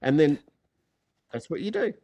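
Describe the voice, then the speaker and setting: A middle-aged man with an Australian accent, chatting casually as a podcast guest and telling animated stories that act out quoted dialogue. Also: a little high, unhurried, gravelly, highs cut off. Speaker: podcast guest, recording engineer. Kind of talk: casual chat.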